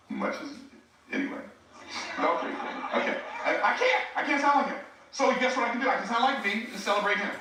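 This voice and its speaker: A man's voice: high-pitched, sharp tone, slight background noise. A man, giving a live teaching talk as a preacher and speaking coach, talking conversationally and addressing the audience directly. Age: 60s. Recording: roomy, distant mic.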